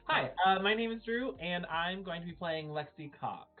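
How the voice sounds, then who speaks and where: A man's voice: high voice, animated, normal speed, soft background music. A man playing in a tabletop game, chatting and thinking aloud with lots of fillers. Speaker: player. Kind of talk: casual tabletop game planning. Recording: tinny, phone-like stream audio.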